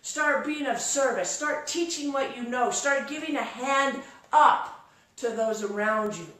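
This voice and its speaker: A woman's voice: sits high, a little slow, a bit bright, heavy reverb, far from the mic. A woman giving a live-streamed motivational talk, emphatic and repetitive, tearful as she speaks. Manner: emphatic, repeats phrases, turns tearful and emotional. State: crying.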